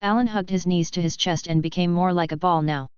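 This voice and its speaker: A woman narrating a fantasy audiobook in a steady, even reading. Her voice is low-pitched and very clear. The audio is dry and slightly dull, with no room sound. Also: brisk, no echo. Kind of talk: scripted narration.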